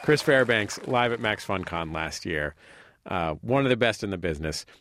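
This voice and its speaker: A man's voice: lowish voice, lively intonation, moderate pace, background noise. A man hosting a podcast, introducing a comedy clip and reading announcements casually. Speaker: podcast host. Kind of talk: show announcement.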